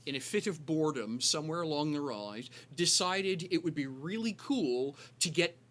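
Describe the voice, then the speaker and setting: A man's voice: fairly high pitch, lively intonation, moderate pace, a bit bright. Guy running a tabletop game, rambly, lots of ums, restarts all the time. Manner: rambling, many fillers and restarts. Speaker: game master.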